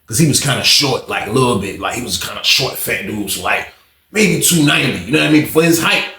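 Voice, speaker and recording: A man telling a casual storytime tale, in an animated, slangy and profane way, acting out other people. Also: mid-range voice, quick pace, reverberant.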